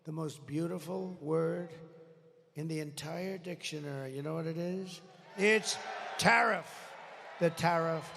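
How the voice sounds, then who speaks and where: A man's voice: on the high side, steady tone, moderate pace, vocal fry. An older man giving a rambling, boastful rally speech into a podium microphone, often griping angrily about the sound. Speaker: political rally speaker. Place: large rally venue. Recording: echoey arena with faint crowd.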